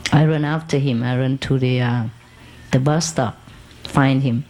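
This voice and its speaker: A woman's voice: very deep voice, unhurried, poor audio. A woman, a spiritual teacher, tells a long personal anecdote to an audience in loose, broken English. She laughs often and acts out the people in her story. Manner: animated anecdote with laughs and acted quotes, broken English grammar.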